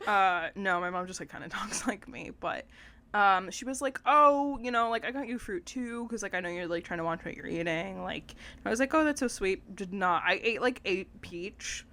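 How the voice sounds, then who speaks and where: A woman's voice: mid-range voice, moderate pace, sharp tone. Giggly young woman chatting casually. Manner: chatty, loose storytelling with lots of "like" and giggles. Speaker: podcast co-host. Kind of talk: casual chat.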